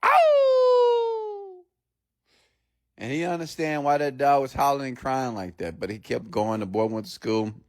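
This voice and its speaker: A man's voice: medium pitch, steady tone, a little fast, few pauses, a little mellow. A man giving a blunt, emphatic motivational sermon and telling a story to his audience. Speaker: motivational speaker.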